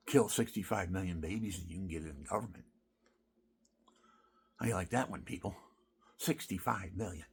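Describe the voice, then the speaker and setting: A man delivering a rambling, indignant rant, swinging from loud outbursts to hushed asides. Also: medium pitch, vocal fry, breathy edge.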